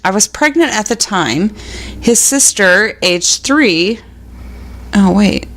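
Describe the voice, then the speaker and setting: Woman, podcast co-host, reading stories, unhurried, animated intonation, laughs a lot. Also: medium pitch. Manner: laughs often, animated, acts out children's voices. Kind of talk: reading listener stories aloud, casual chat.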